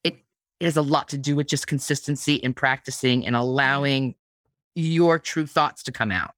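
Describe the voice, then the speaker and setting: A woman's voice: a bass voice, moderate pace, fairly bright tone, no echo, studio quality. A woman guest on a podcast interview, talking casually about her craft, with frequent restarts and repeated words. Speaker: guest, blogging teacher.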